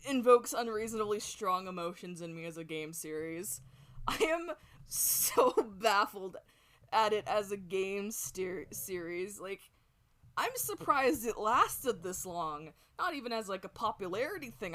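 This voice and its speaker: A woman's voice: medium pitch, lively intonation, a little slow, a bit bright. Profane, rambling woman streamer. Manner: rambling, profane, laughs often. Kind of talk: casual stream chat while drawing. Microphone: close desk mic.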